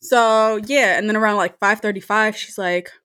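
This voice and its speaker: A young woman with a bright, forceful voice tells a story straight to the listener. She is animated and swears freely, and her laughter keeps breaking through the telling. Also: medium pitch, normal speed, clean tone. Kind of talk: casual storytime monologue.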